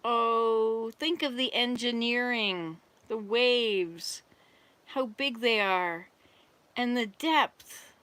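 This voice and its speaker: A woman's voice: a little high, extremely slow, a bit bright, clean tone. A woman doing a fussy, hesitant genie. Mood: pleading. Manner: hesitant, pleading. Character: fussy male genie from a bottle.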